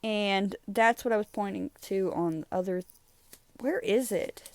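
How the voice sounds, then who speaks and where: Speaking a little slowly at medium pitch, a young woman looks back over her old drawings for her YouTube channel. It's a casual chat full of rambling and giggles, and she gets sidetracked easily; there's no echo.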